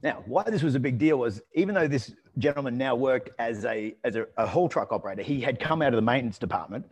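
A man telling a story in a relaxed conversational way, rambling with restarts and fillers. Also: mid-range voice, fast, breathy edge. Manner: lively and amused when telling anecdotes.

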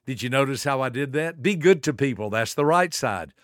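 A man in his seventies hosting a motivational podcast, preaching with emphatic rhetorical questions and swinging between soft asides and booming lines. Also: animated, brisk, dry recording, clean studio sound. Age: 70s. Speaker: podcast host and motivational speaker.

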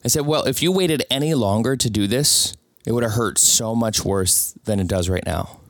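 A man's voice: mid-range voice, moderate pace, no room sound, clean studio sound. A man telling a personal story in an earnest, reflective way, quoting others in his own voice.

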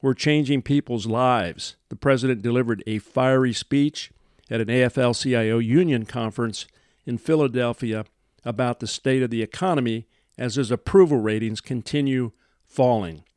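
A man's voice: mid-range voice, moderate pace, a little mellow, no room sound, clean studio sound. A man hosting a news commentary podcast in a folksy, emphatic way, full of "uh" fillers. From American Midwest. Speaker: podcast host.

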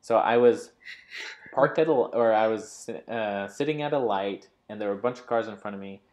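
A man telling a driving story in a casual, halting way, with many fillers and restarts. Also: fairly low pitch, darkish tone. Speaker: co-host.

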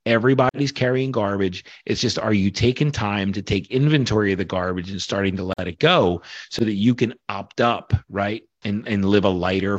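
A man in his forties, a workshop leader guesting on a motivational podcast, speaks passionately and a bit preachily about self-worth, swearing casually. His voice is fairly low, and the recording is dry and lo-fi.

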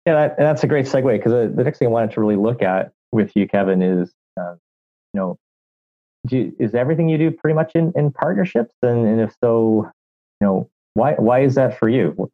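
A man's voice: mid-range voice, lively intonation, a little fast. A man hosting an interview, asking questions in a hesitant way with fillers as he searches for words. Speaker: interview host. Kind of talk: conversational interviewing. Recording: tinny phone-like line.

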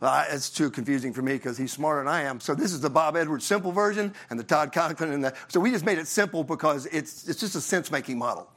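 A man's voice: a little high, quick pace, few pauses, fairly bright tone. A middle-aged man from Tennessee giving a conference talk in a conversational way, often asking the audience questions and tagging lines with "right?". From Southern US, Tennessee. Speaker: conference speaker.

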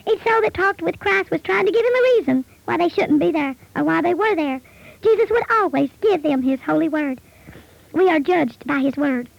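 A woman's voice: extremely high pitch, lively intonation, normal speed, vocal fry, no echo, lo-fi sound. A woman preaching a testimony in an earnest, pleading, solemn manner. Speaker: preacher recounting a vision.

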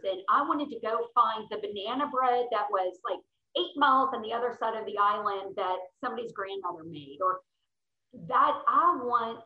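A middle-aged woman, a podcast guest, telling travel stories in an enthusiastic, chatty way. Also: a little high. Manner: enthusiastic, storytelling. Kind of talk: casual interview chat. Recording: roomy, slightly dull sound.

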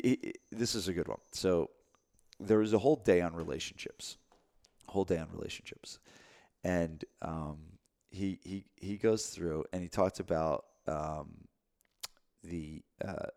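A man in his thirties in casual chat, telling a story with many halting restarts. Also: low voice, a little mellow.

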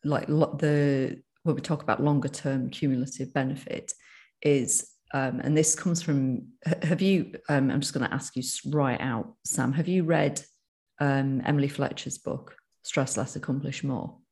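A speaker with a northern English accent chats casually on a podcast. The voice is gravelly, with a fair amount of fry, and sits at a middle pitch. The talk rambles and keeps restarting, full of fillers. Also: steady tone, moderate pace, a little mellow.

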